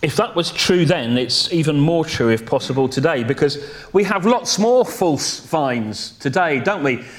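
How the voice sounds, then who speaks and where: A man preaching a sermon in a slow, deliberate way, pausing to correct himself and adding a light joke now and then. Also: on the high side, lively intonation.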